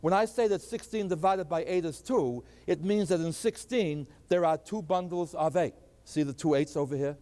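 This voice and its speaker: Older male math lecturer, high voice, answers his own questions, long hall reverb. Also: moderate pace, mellow. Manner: asks questions and answers them himself.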